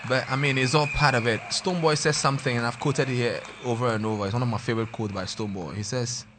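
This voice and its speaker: A young man with a Ghanaian accent, casually telling a personal story, mixing pidgin and local words and swinging between loud and quiet. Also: mid-range voice, steady tone, fast, noisy background.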